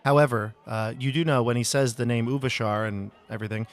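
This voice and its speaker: A man serves as game master for a tabletop game, narrating quickly at a medium pitch. His delivery is relaxed and full of fillers and restarts.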